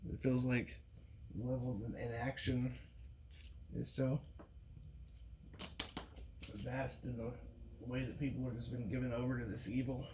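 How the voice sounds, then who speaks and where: A man's voice: mid-range voice, level tone, unhurried, long pauses, background noise. A man in a rambling monologue, talking with frequent restarts and profanity. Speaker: vlogger.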